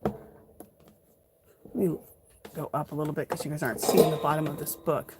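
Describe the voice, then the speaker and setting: A woman's voice: low-pitched, fairly even intonation, moderate pace, very noisy. A woman hosting a casual live art journaling tutorial, chatting to viewers as she works. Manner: chatty, addresses viewers as "you guys".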